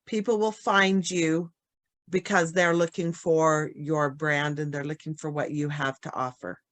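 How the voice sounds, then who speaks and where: A woman speaking as a guest trainer on a casual video call, thoughtful with filler pauses. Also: low-pitched, fairly even intonation.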